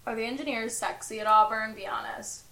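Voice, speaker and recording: A woman's voice: a little high, steady tone, fairly quick, fairly bright tone. A young woman chatting casually on a podcast, teasing and playful. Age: young adult. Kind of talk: casual chat. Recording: echoey room.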